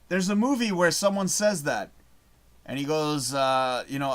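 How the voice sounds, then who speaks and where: A man's voice: on the high side, animated, measured pace. A man hosting a live show, reading out chat messages in a casual, rambling way, swearing often and losing his train of thought.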